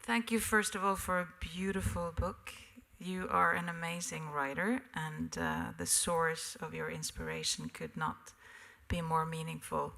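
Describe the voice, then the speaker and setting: Woman asking a question from the audience, earnest, low voice, bright edge. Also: lively intonation, unhurried, creaky, hardly any pauses. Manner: earnest and complimentary. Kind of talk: audience question at a live talk. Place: theater audience seating.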